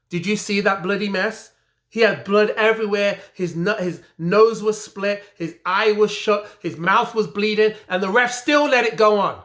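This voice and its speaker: Fired-up English man, high voice. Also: a bit bright. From England. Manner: indignant, repetitive, emphatic. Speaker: boxing commentary vlogger. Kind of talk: heated opinion rant.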